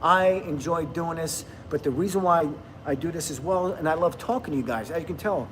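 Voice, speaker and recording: A man's voice: a little high, lively intonation, fairly quick, a little hiss or hum. A middle-aged man, hosting a casual livestream, chatting, laughing and reading viewer comments aloud. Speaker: livestream host.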